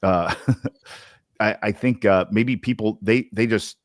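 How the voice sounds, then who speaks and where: A man with a Southern Indiana accent and a very low voice co-hosts a sales podcast. He talks loosely and with energy, full of slang and restarts. The sound is dry and close. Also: slow pace, no room sound. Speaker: podcast co-host. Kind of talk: casual sales podcast chat.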